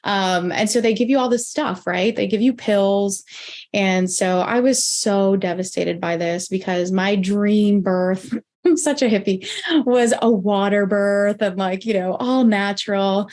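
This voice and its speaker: A woman in her thirties tells her story as a guest on an interview podcast, at a middle pitch for a woman. She talks fast and casually, leans hard on "like," and acts out each quoted line. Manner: animated, acts out her own and others' quoted lines with lots of "like".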